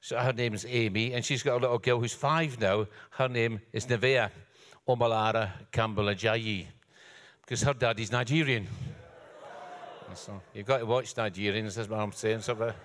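A man's voice: lowish voice, steady tone, normal speed, a bit bright, in a large hall. An older man, a guest preacher, giving a sermon with joking, self-deprecating asides. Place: church hall.

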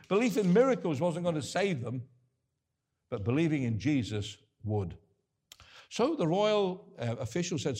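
A man's voice: on the high side, sing-song, moderate pace, darkish tone, slightly rough. An older man preaching a sermon, earnest and conversational, often restarting his sentences.

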